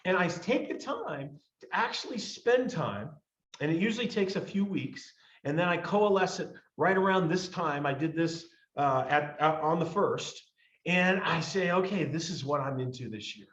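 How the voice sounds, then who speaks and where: A man giving a motivational talk on a team call, emphatic and repetitive, building up to near shouts. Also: sits high, lively intonation, a little slow, roomy sound, lo-fi sound.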